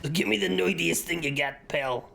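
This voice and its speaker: A man's voice: a little high, normal speed, gravelly, slight background noise, pitched above the performer's own voice, full character voice. A man voicing a pushy New York tough guy with a put-on New York accent, barging into a shop and demanding things. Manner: pushy, loud, swaggering.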